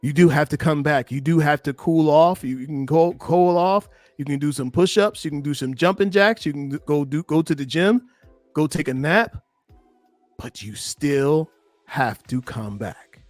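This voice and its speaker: A man's voice: fairly high pitch, unhurried, dry recording, soft background music. Emphatic male coach, dry close voice. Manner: animated, emphatic, speaks straight to listeners. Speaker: relationship coach. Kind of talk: reaction commentary on a played clip.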